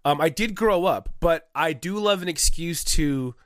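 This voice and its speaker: A man in his thirties with a slightly raised pitch who rambles along easily and pokes fun at himself as a podcast guest. The recording is close and dry, with no room sound. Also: measured pace, no echo. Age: 30s. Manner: relaxed, rambling, self-mocking. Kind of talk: casual comedy podcast chat.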